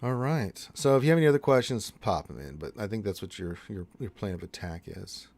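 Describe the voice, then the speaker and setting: A man's voice: on the low side, lively intonation, fairly quick, creaky, darkish tone, dry recording. A man co-hosting a gaming livestream, giving casual, laid-back advice to viewers and calling them dude and man. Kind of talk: casual chat, reading viewer questions.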